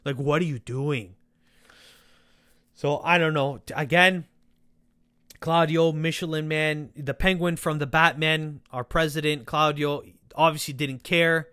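A man's voice: a little high, steady tone, a little slow, bright, forceful tone, no room sound. Ranting man with a raised voice, dry close sound. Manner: ranting, sarcastic, swears, talks to the players directly. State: voice worn from yelling. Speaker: podcast host. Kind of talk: casual football rant.

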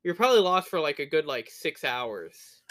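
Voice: medium pitch, sing-song, normal speed, fairly bright tone. A podcast co-host telling rambling anecdotes in casual chat, with filler words and swearing.

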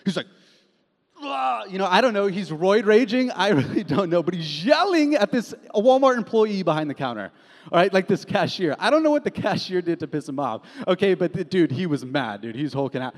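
Young pastor guy preaching loose and lively, slangy, kinda high voice, big hall echo. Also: fairly quick. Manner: casual and animated, storytelling with slang. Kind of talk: sermon. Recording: long hall reverb.

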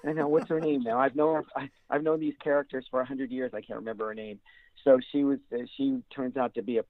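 A man who works as a voice actor, chatting casually in an interview and rambling a little as he slips into quick character voices. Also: mid-range voice, steady tone, dry recording. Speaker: voice actor guest. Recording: dry tinny phone-line sound.

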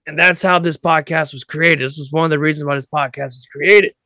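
A man's voice: fairly high pitch, fairly even intonation, brisk, sharp tone, no echo, studio quality. A man hosting a podcast in casual, conversational chat, often checking in with listeners as he talks. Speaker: podcast host.

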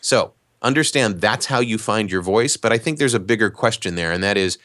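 A man, an actor and voice talent, explaining in a relaxed, conversational way during a podcast interview. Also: on the low side, a little fast, no echo, clean studio sound. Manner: relaxed, explanatory, animated asides.

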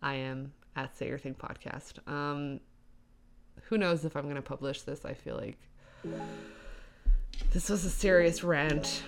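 Tired, low-voiced woman podcast host. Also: fairly even intonation, unhurried, pauses often, faint music behind. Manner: rambling, many fillers, upbeat. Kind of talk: solo podcast monologue.

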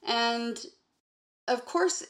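A woman guest recounting a personal memory in an earnest, halting way, linking thoughts with repeated "and". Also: fairly high pitch. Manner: earnest, halting, strings sentences with "and". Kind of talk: personal testimony in conversation.

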